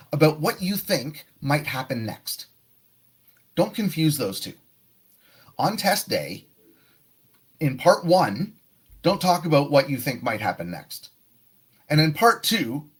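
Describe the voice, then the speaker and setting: A man's voice: fairly high pitch, slightly rough. A man teaching a live online test prep lesson, explaining tasks and acting out sample answers. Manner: explanatory, demonstrative.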